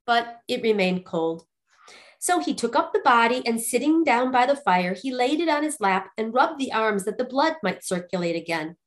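A woman storyteller reading a ghost fairy tale aloud in an expressive, lively way. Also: a little high, moderate pace.

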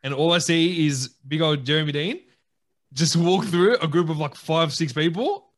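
Lively man telling a story. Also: a little high, moderate pace. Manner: animated storyteller, laughs a lot. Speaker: podcast co-host. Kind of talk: casual chat, storytelling.

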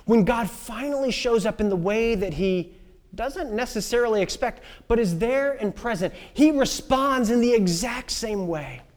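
A man preaching a sermon, swinging between loud emphatic lines and hushed, near-whispered passages. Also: very high-pitched, expressive, moderate pace, big-room sound. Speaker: pastor.

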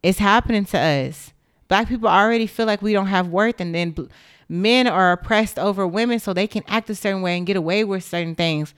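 A woman's voice: medium pitch, a little fast, smooth, dry recording, studio quality. A young woman giving an impassioned, indignant monologue straight to the camera, blunt and emphatic, with swearing.

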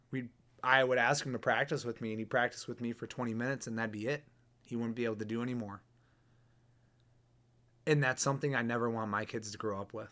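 A man's voice: medium pitch, a bit bright. A man in his thirties hosting a podcast, talking in a casual, blunt, motivational way. He is earnest and often repeats words as he finds his next thought. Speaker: podcast host.

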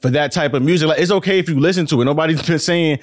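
Young man, quick and insistent, slightly high voice, podcast co-host in heated debate. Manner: insistent, repeats himself, talks over others.

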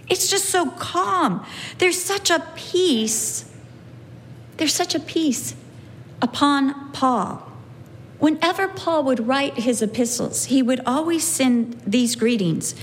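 A woman's voice: high-pitched, a little slow, a little hiss or hum. A woman giving an earnest Bible teaching, repeating key phrases for emphasis and acting out quoted lines.

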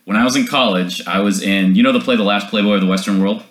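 A man, hosting a podcast with a rather low pitch and a bright tone. He talks casually, joking and laughing often with his guest. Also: quick pace, echoey room. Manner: jokey, laughs a lot. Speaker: podcast host. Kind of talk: casual interview chat.

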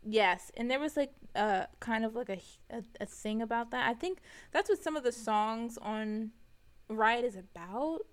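A woman's voice: on the high side, lively intonation, unhurried. A woman co-hosting a podcast in casual chat, a little tipsy, hesitant and stuttering with many ums. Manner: hesitant, stuttering and umming a lot. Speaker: podcast co-host.

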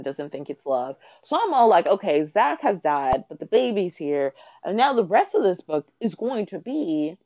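A woman in a casual book chat, excitable and swearing freely, peppering her talk with fillers as she recaps the plot. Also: on the low side, dry recording, lo-fi sound. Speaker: book reviewer.

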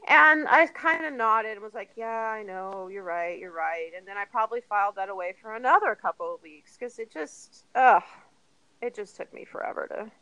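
Bright-voiced woman telling her story. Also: fairly high pitch, a little fast, dry recording, highs cut off. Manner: earnest, chatty, animated retellings with laughs. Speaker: guest. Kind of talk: candid personal storytelling.

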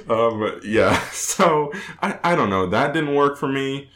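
A man's voice: mid-range voice, animated, slow, fairly bright tone. Rambling man in a roomy echo. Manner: rambling, self-correcting, laughs often. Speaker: podcast co-host. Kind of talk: casual movie review chat.

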